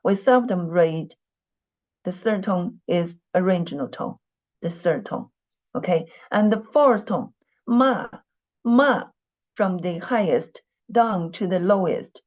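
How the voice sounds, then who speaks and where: Slow, patient woman teacher. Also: lowish voice, dark tone. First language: Mandarin Chinese. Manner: patient, repeats each point, many "you know" fillers. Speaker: Mandarin teacher. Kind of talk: classroom lesson explaining tones. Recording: dull lo-fi recording.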